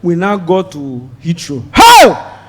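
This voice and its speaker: A Nigerian man doing stand-up, telling a story and acting out the dialogue with sudden loud outbursts. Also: high-pitched, sing-song, moderate pace, long reverb tail. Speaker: stand-up comedian.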